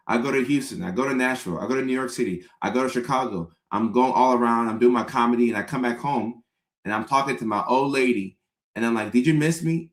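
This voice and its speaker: A young adult man, a comedian, riffing in a comedic rant with animated storytelling and mock-pleading impressions. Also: medium pitch. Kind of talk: comedic live-stream rant. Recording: roomy echo.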